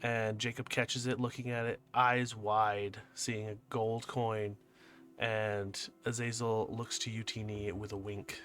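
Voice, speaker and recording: A man narrating a tabletop game as game master, calm and unhurried with frequent fillers. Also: on the low side.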